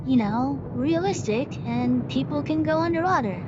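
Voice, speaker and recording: A woman's voice: sits high, lively intonation, moderate pace, highs cut off, heavy background noise. A woman game streamer rambling casually and sarcastically as she plays. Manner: rambling and sarcastic, full of fillers. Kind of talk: casual chat while playing. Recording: game music playing behind her.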